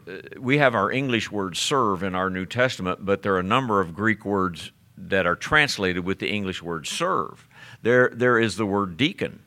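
A man preaching a sermon as pastor, slowing down and rising in pitch when he reads scripture aloud. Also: sharp tone. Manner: preaching, slows and rises on scripture quotes.

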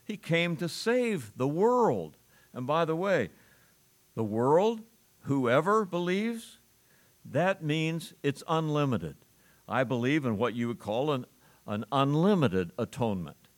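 A man's voice: medium pitch, sing-song, slow pace. A man delivering a sermon in an ordinary mid-range voice. He preaches earnestly, pressing on key phrases and repeating them for weight, with a short chuckle here and there. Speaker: pastor.

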